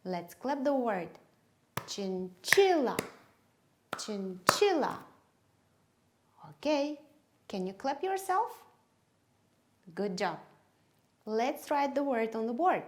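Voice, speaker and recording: Slow, clear woman teaching English. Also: fairly high pitch, very animated, a little mellow. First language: Kyrgyz. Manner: slow, clear, emphatic drilling of words. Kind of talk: teaching demonstration.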